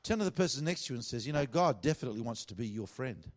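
A man's voice: mid-range voice, animated, very fast. A middle-aged man with an Australian accent, preaching a sermon in a casual, conversational way with asides.

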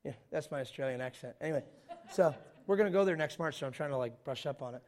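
A man preaching a sermon in a church, telling stories with jokes in an animated way. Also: a little high, fast.

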